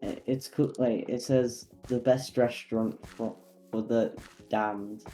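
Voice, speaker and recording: Mellow easygoing male gamer. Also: medium pitch, steady tone, takes it slowly, soft background music, rough recording. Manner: easygoing, hesitant, trails off. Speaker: fellow player. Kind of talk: casual gaming chat.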